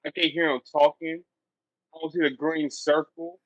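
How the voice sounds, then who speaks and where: A man's voice: on the high side, level tone, moderate pace, a bit bright, no echo, rough recording. A man in a casual group chat on a voice call, giving blunt slangy quips. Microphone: online voice call.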